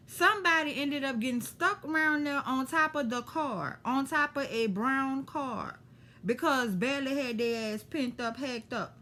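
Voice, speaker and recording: A woman with a New Orleans accent telling a story to camera in a lively, profane, slangy way. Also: sits high. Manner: animated, profane, street slang. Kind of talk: casual storytime.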